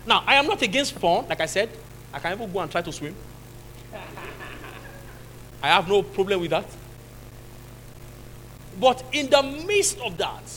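A Nigerian male pastor delivers a lively sermon in a high, bright voice. His pitch leaps all over as he builds, shouting rebukes at the devil and laughing with his listeners. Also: a little hiss or hum, low-quality recording. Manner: animated preaching, shouting at the devil, laughing with the congregation.

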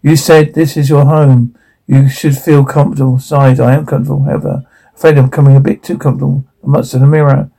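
A man reads out every line of a drama's subtitles, sound cues included, in the same flat, even voice. His tone is mellow and husky, with a gravelly fry. He reads steadily and gives no character a voice of its own. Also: mid-range voice, quick pace, poor audio. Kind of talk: reading subtitles and sound captions aloud.

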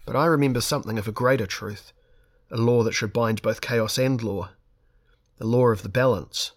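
A man's voice: mid-range voice, normal speed, natural voice. A man reading aloud and voicing a nervous but brave male companion with a quavering tone. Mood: earnest. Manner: quavering, earnest.

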